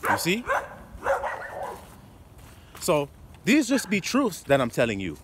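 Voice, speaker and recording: A man's voice: a little high, wildly swooping pitch, moderate pace, slightly rough. A man preaching a confrontational, profane sermon full of rhetorical questions. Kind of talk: fiery street sermon.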